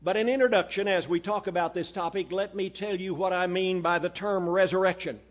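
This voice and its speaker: A male guest preacher delivers a sermon, telling a story in a folksy way and reading quotations aloud. His voice sits a little high. The sound is thin and boxy, like a phone line. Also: fairly even intonation, brisk. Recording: tinny phone-like recording.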